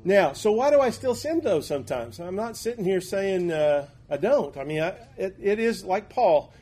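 A man teaching a Bible class in a conversational, folksy way, with halting restarts and asides. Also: high voice, very animated, warm tone, breathy edge.

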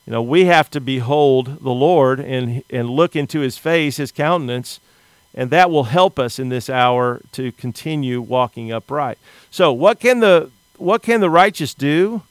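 A man's voice: mid-range voice, expressive, a little slow, no room sound. A middle-aged man from the United States preaching a sermon, earnest and often repeating words as he starts a sentence.

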